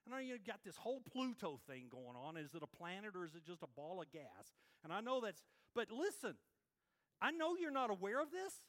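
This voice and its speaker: A man's voice: sits high, big pitch swings, a little fast, fairly bright tone. A man voicing an ancient male prophet who complains to God sarcastically. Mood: sarcastic. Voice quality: wry, sarcastic.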